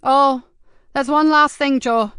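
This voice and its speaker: A woman's voice: high voice, steady tone, slow, a bit bright, no room sound, studio quality, voice pushed up. A woman voicing a cheeky, streetwise teenage boy who talks in eager, slangy bursts. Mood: worried.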